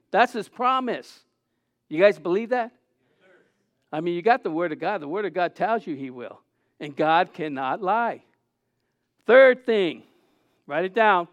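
A middle-aged man preaching a sermon as pastor, earnest with halting restarts, rising to loud cries. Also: sits high, lively intonation, no room sound, muffled recording.

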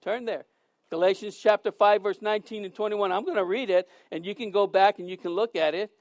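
Brief: male preacher, high voice, earnest, emphatic sermon delivery, dry close sound. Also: fairly even intonation, brisk, dry recording. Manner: earnest, emphatic, repeats words as he speaks.

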